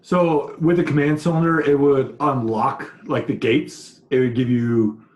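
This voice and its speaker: A man narrating a tabletop game as game master, halting with many fillers. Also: medium pitch, steady tone, darkish tone. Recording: roomy echo.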